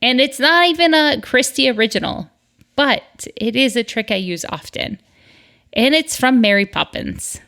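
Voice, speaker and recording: Middle-aged woman from up north, chatty upbeat solo podcast host, kinda high voice. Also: lively intonation, moderate pace, a bit bright. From northern United States. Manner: chatty and upbeat, with asides and laughs.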